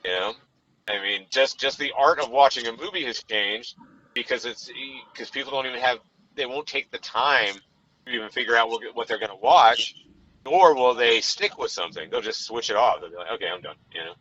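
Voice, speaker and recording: A man with a medium-pitched, expressive voice talks briskly and sharply while co-hosting a casual film chat from the driver's seat. He rambles and drops "you know" fillers often. The recording has no room sound but is dull and lo-fi, with faint noise in the background.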